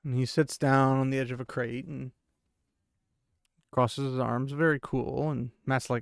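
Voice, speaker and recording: A man's voice: medium pitch, flat delivery, a little slow, creaky, smooth, no echo, studio quality. A man hosting a casual book recap podcast. He retells chapters with chatty, joking asides. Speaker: podcast host.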